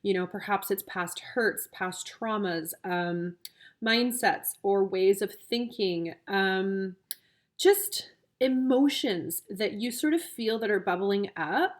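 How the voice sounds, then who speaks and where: A woman's voice: medium pitch, takes it slowly. A woman reading tarot cards for her viewers as a coach, gushing and emotional, easily moved to tears. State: tearful.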